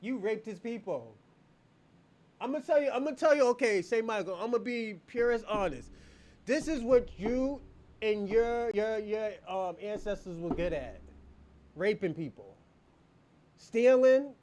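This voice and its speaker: A man's voice: high voice, expressive, measured pace, a little mellow, slight background noise. A man hosting a casual livestream, mocking and taunting his viewers with heavy profanity and frequent laughter. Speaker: livestream host.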